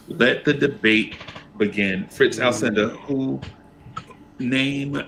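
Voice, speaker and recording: A man with a gravelly, creaky voice hosts a casual sports talk show, telling animated stories and putting on voices for the people in them. A faint hiss of background noise sits under him. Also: on the low side. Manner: animated storyteller, acts out voices. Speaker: podcast host.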